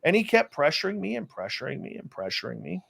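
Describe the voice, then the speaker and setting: A man's voice: high-pitched, quick pace, vocal fry, husky. Man telling a story in casual chat. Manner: animated storyteller with many restarts. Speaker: interview guest, radio host.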